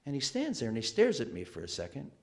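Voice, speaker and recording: A man's voice: medium pitch, wildly swooping pitch, fast, vocal fry, darkish tone. A man in his fifties telling a wry, self-deprecating personal story on stage. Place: museum stage.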